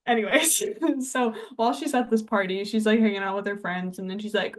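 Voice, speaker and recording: With a mid-range voice at a moderate pace, a young adult woman chats casually as a podcast co-host, retelling a film. She peppers her storytelling with "like" and performs the quotes.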